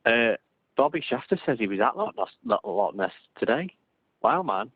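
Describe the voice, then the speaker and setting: A man's voice: mid-range voice, sing-song, normal speed, husky, no echo. A man co-hosting a casual live-stream chat, rambling and restarting his sentences. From England. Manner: rambling, repeats words, frequent restarts. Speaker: podcast co-host. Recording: tinny phone-like dry sound.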